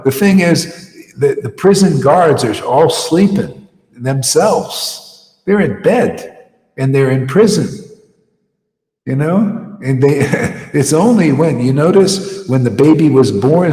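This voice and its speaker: A man giving an informal, animated devotional sermon, often scornful and laughing as he preaches. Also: medium pitch. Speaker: spiritual teacher. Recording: echoey room with long reverb.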